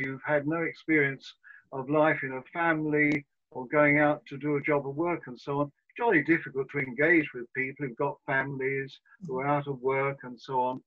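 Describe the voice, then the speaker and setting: A man speaking on a panel in a measured, plain-spoken way. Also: on the high side. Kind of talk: discussion on an online call. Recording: muffled call audio.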